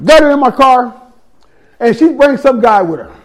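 A man's voice: very high-pitched, expressive, normal speed. A man preaching a sermon, telling his own testimony with street slang, scripture and repeated words.

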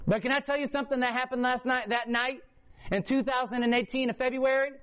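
A man preaching a sermon testimony, impassioned, swinging from a low hush to loud emphasis. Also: steady tone, fast talker, smooth. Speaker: prison ministry preacher. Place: hotel or church meeting room before a congregation.

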